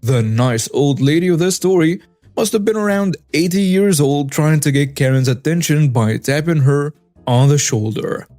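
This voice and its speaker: Male narrator, slightly high voice, wry storytelling, faint music bed. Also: moderate pace, mellow, no room sound. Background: faint background music.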